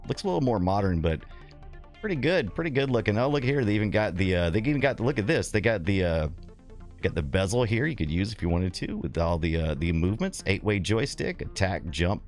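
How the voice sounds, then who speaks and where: A middle-aged man streaming a retro game, chatting casually, rambling and laughing while reading his chat. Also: deep voice.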